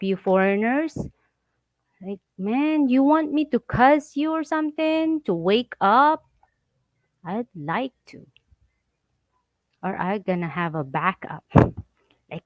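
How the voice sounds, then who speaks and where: Slow-talking woman. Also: medium pitch, dry recording, lo-fi sound. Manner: animated, laughing, acts out quoted voices. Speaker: vlog co-host. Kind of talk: casual chat reading viewer comments.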